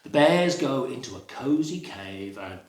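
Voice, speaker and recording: A man telling a picture-book story to young children in a playful, animated way, with sound effects and asides to the listeners. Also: medium pitch, unhurried, reverberant, very noisy. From England. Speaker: library storyteller.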